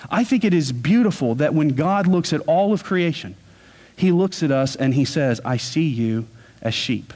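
A man preaching a sermon as pastor, earnest, and he slows down to stress key words. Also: on the high side, animated, darkish tone.

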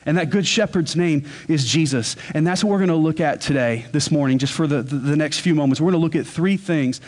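A man preaching a sermon as pastor, earnest, and he slows down to stress key words. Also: on the high side.

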